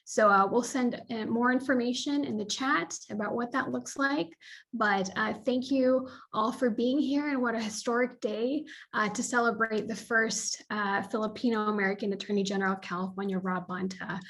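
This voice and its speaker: A woman giving a speech of thanks at a virtual celebration over a video call, with many small pauses and fillers. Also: on the high side, steady tone, fairly bright tone. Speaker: local club representative.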